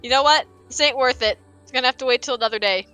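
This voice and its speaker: A woman's voice: sits high, fast talker, pushed and bright, clean tone, dry recording, faint music behind. Woman voicing a curt fleeing young fighter. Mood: dismissive.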